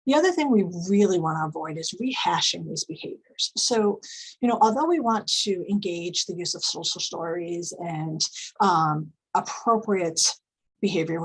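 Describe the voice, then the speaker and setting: A woman giving a calm, instructive conference presentation, explaining behaviour strategies with frequent fillers. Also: lowish voice, husky, rough recording. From United States.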